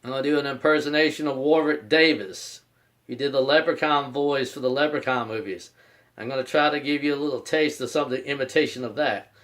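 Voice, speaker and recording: A man's voice: mid-range voice, fairly quick, fairly bright tone. A man hosting his own video channel, giving a rambling, repetitive announcement and often speaking of himself in the third person. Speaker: YouTube channel host. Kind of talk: casual vlog announcement.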